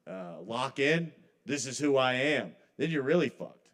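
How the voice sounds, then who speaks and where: A man talks through a loose stand-up set at an open mic, rambling and conversational in his middle-pitched voice. His thoughts often trail off before he picks them back up. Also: animated, unhurried, a bit bright. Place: live kava bar open mic.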